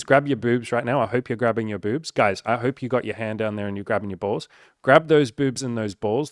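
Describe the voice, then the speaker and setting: A man's voice: fairly low pitch, no echo, clean studio sound. A man talking as a dating coach in a casual confessional vlog, candid and profane, speaking straight to his viewers.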